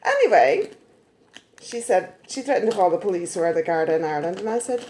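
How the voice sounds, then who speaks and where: A woman's voice: on the low side, expressive, quick pace, noisy background. Lady telling a storytime vlog, voice bounces way up and down, sarcastic little asides.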